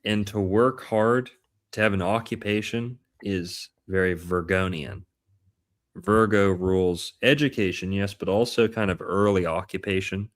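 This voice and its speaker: A man's voice: deep voice, steady tone, a little slow. A man hosting a casual podcast chat about astrology, playful and punning, stretching out words for emphasis. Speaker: podcast host.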